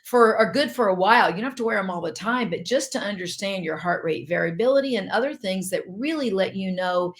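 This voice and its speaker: A woman doctor talks through health advice as a podcast guest. She explains in a steady, teaching way and slips into quoted inner thoughts as she goes. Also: medium pitch, fairly quick, few pauses. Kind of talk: podcast interview.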